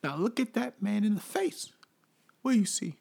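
A man's voice: sits high, animated, normal speed, gravelly, darkish tone, husky, pitched above the performer's own voice, heavily acted. A man playing a crude old club bouncer, taunting in a raised, cackling voice.

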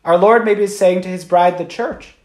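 Priest guy, pretty high voice, chatty sermon style, lots of "like" and "right?", echoey church. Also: fairly even intonation, moderate pace. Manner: conversational, frequent "right?" and "like". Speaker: Catholic priest. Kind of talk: informal Sunday homily.

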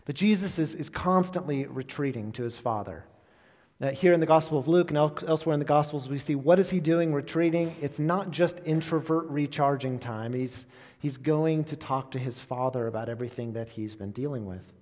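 A man's voice: on the high side, fairly quick, darkish tone. A man preaching a sermon to his congregation, talking it through with rhetorical questions and restarts. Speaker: pastor. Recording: long reverb of a church hall.

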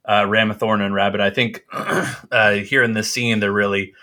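A man's voice: lowish voice, steady tone, normal speed, pushed and bright. A man co-hosting a casual movie podcast, laughing often and quoting lines. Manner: laughs often, quotes lines in put-on voices. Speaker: podcast co-host.

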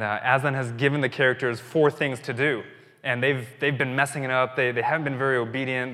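Man, pastor, casual sermon, restarts, middling pitch, long church reverb. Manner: conversational, warm-hearted storytelling with restarts. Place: church sanctuary.

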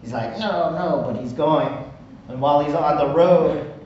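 A man delivers a sermon in a conversational way, often turning to the room with "right?". His slightly high voice comes from a distance in a very echoey hall. The sound is dull and muffled, with faint noise behind it. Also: moderate pace, a little mellow. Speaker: pastor.

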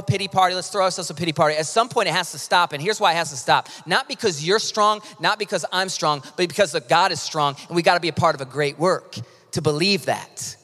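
Man preaching, fairly high voice, passionate, quiet then loud, long reverb of a church hall. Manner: impassioned, swings from quiet to loud emphasis. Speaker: pastor. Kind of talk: sermon.

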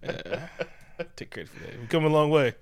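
A man's voice: fairly high pitch, expressive, moderate pace. A man co-hosting a casual movie review chat, swearing and laughing often as he riffs on the plot. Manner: profane, jokey, laughs often. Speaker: podcast co-host.

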